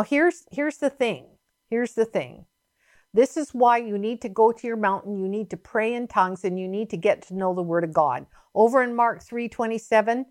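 A woman preaching a sermon in an emphatic, fervent, repetitive way. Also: a little high. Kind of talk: sermon teaching.

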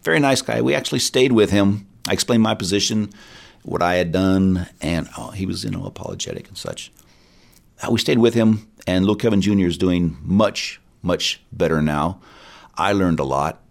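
A middle-aged man, a retired highway patrol sergeant, telling a personal story candidly in an interview. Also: normal speed, creaky. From United States. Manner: earnest, candid, quotes others in lively voices.

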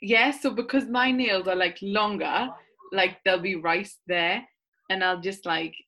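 A woman's voice: medium pitch, a little slow, sharp tone. A woman, a podcast guest telling rambling, enthusiastic stories. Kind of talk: casual chat.

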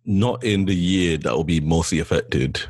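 A young man, chatting casually with a friend, animated and teasing, laughing often. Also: low voice, normal speed, slightly rough, dry recording. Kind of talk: casual chat.

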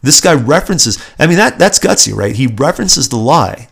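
Gravelly, indignant male podcast host. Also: mid-range voice, very animated, moderate pace, a bit bright. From Southern California, USA. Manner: indignant, sarcastic, emphatic with repeated restarts. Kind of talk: opinionated solo commentary.

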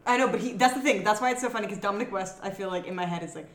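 A woman co-hosting a podcast in casual, animated chat, full of fillers. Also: mid-range voice, racing, echoey room. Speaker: podcast co-host.

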